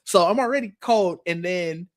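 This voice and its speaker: A man's voice: high voice, normal speed. A man co-hosting a tech podcast, chatting casually and rambling, with frequent restarts and easy laughter. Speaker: podcast co-host.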